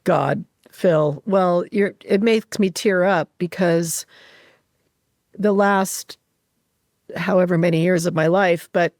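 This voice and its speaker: A woman hosting an interview, reflecting emotionally in halting speech with many restarts. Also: fairly low pitch, a little mellow, no echo, clean studio sound. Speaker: host. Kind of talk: casual interview talk.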